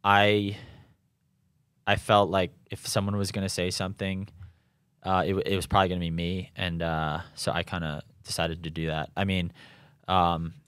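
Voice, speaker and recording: A young man with a lowish voice tells his stories in a loose, rambling way, with lots of restarts and fillers. The sound is close and dry, with no room around it. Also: little pitch movement, moderate pace, fairly bright tone, clear, resonant tone, no room sound. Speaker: professional triathlete guest. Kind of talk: casual conversational interview. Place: home in Boulder.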